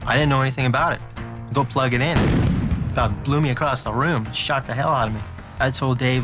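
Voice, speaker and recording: A man in an interview, telling old stories in an animated way and acting out what people said. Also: medium pitch, fairly quick. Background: music.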